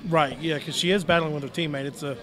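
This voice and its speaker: A man's voice: a little high, fairly even intonation, fast talker, music in the background. A man with a Southern US accent doing chatty, folksy color commentary at a live sports event. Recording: crowd noise at a live event.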